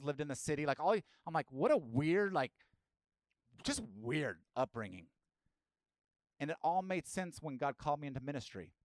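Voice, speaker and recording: A man's voice: a little high, no room sound. A man preaching a sermon as pastor, asking the listeners direct questions and rising into emphatic bursts.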